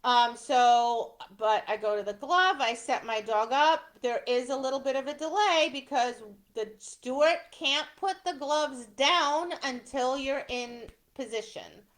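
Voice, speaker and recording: Woman instructor walking thru obedience trial steps, slow pace, keeps saying right?. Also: high-pitched. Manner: conversational, tags points with "right?". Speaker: dog sports instructor. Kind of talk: instructional talk.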